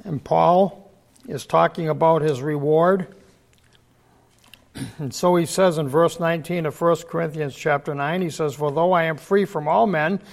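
Gravelly, hoarse older man preaching. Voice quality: gravelly, husky. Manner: frequent throat clearing, swings between loud emphasis and low murmurs. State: voice failing, hoarse. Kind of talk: sermon.

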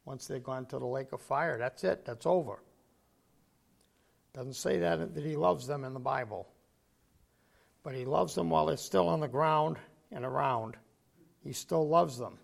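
An older man preaching a sermon, clearing his throat often and punching key words with sudden emphasis. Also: medium pitch, a little slow, long pauses.

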